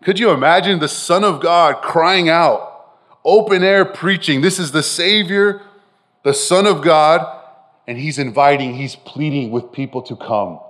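Pastor guy preaching, kinda high voice, gets loud then real quiet, keeps asking right?. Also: unhurried. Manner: animated preaching, swinging from loud to soft and intimate; addresses listeners directly with frequent "right?". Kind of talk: sermon.

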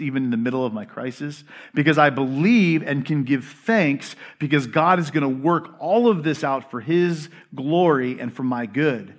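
Male pastor, high-pitched, animated sermon delivery that voices the people and Paul.

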